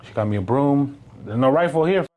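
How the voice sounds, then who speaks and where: A man's voice: mid-range voice, lively intonation, a little fast, narrow, tinny audio. Socal guy in his 40s, rambles, swears, throws in spanish, bit of room noise. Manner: rambling, profane, mixes in Spanish words. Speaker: guest. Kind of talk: casual conversational storytelling.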